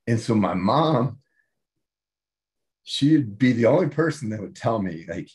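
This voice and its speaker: A man talking as an interview guest and author, emphatic and animated, often tagging his points with "right?". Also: medium pitch, measured pace. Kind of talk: casual interview talk.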